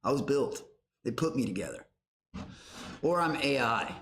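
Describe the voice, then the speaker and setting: A young man hosting a livestream from his garage, loud and profane, shouting out names from chat. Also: mid-range voice, lively intonation, moderate pace, slight background noise. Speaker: livestream host. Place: home garage. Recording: roomy garage echo.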